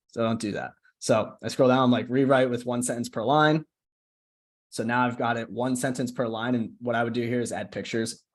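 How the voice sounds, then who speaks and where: Casual chatty man coaching on a call. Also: mid-range voice. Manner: casual, chatty, keeps asking "right?". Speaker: social media coach. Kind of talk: casual screen-share tutorial on a call.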